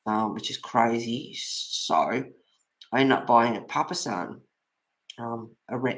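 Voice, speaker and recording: A man's voice: medium pitch, takes it slowly, a bit bright. A man hosting a colouring stream from home, telling rambling stories with frequent laughs. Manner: rambling storyteller, laughs often. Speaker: colouring channel host. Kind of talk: casual chat while colouring.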